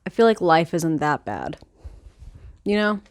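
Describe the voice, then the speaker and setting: Excitable, foul-mouthed woman with a lowish voice. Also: unhurried, no echo. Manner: rambling, excitable, swears a lot. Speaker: book club podcast host. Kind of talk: casual chat. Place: outdoors by a chicken coop. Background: chickens clucking.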